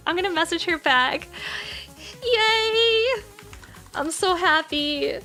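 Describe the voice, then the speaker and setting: A woman streamer talks casually with her chat as she crafts. Her voice sits very high and sounds bright and forceful, and her speech is gushing and full of fillers. Faint music plays underneath. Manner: chatty and gushing, with many fillers.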